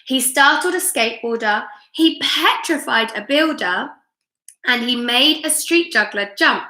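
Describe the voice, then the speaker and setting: A woman teacher reading a picture book aloud live for children, slow and expressive, asking her listeners questions. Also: a little high. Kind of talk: live read-aloud story time. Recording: echoey room.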